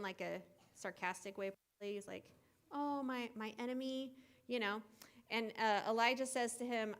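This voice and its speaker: A woman with a somewhat high voice leads a children's camp gathering. She retells a Bible story in a loose, chatty way. She fills it with asides and casual filler words. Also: a bit bright. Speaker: kids camp Bible teacher.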